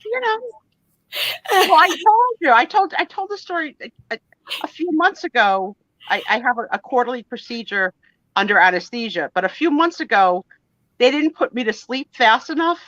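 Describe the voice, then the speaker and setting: Chatty woman guest, bright lively voice, dull lo-fi stream audio, lots of playful storytelling. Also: sits high, moderate pace, no room sound. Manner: animated, self-deprecating, acts out voices in her stories. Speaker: guest on a live vintage photo sale stream. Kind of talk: casual storytelling chat.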